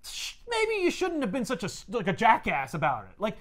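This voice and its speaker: A man voicing an exasperated young male hero in a comic recap, griping loudly. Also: high voice, wildly swooping pitch, a little fast. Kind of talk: comic recap with put-on voices.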